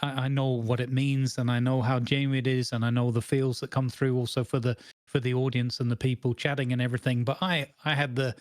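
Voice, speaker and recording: A man's voice: mid-range voice, level tone, brisk, dry recording, clean studio sound. A man, co-hosting a casual chat and telling a long, rambling story full of restarts and fillers. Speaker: podcast co-host.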